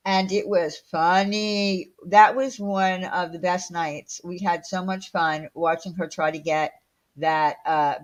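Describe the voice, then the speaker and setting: A woman unhurriedly hosting a casual livestream, answering viewer comments as they come in. She talks bluntly, with plenty of fillers and some swearing. Her pitch sits in an ordinary middle range. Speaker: livestream host.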